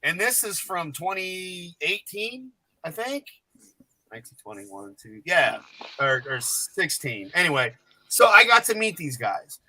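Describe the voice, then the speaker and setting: A man appears as a guest on a podcast panel, telling jokey, rambling, profane stories in casual chat. His high-pitched voice has a sharp tone. The recording is low quality with no room sound.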